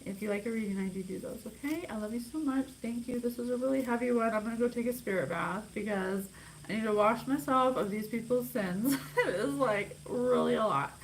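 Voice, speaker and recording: A woman's voice: a little high, a little fast, a little hiss or hum, low-quality recording. Worked-up woman giving a psychic reading. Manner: intense, emphatic, worked up. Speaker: psychic reader. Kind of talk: channeled reading monologue.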